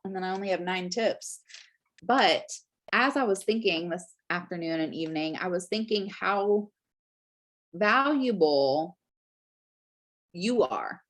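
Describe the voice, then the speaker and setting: A woman's voice: on the low side, animated, moderate pace. A young woman chatting casually to camera, giving tips to fellow sellers, full of fillers and "right?". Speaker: Scentsy consultant giving business tips.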